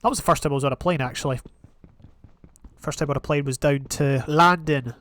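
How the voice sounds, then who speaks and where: A young man giving casual, rambling commentary on his own gameplay, with sudden excited outbursts. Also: fairly high pitch, a little fast. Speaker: gaming channel host.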